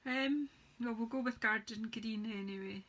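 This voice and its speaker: This card-making demonstrator has a slightly high, fairly bright voice and a moderate pace, heard on a rough recording. She chats casually on her live stream and greets viewers by name while she works.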